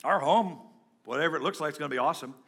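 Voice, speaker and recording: A middle-aged pastor preaching a lively sermon to his congregation, breaking into hymns and joking with the crowd. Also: a little high, racing. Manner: animated preaching, sings hymns and jokes with the congregation. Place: church before a congregation.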